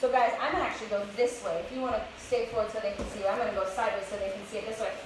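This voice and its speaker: A woman's voice: medium pitch, fairly even intonation, very fast. A young woman leading a live kids' workout class, encouraging and a little out of breath. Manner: upbeat coaching, encouraging. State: slightly out of breath. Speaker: fitness instructor. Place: outdoors, open space. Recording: echoey, distant with background noise.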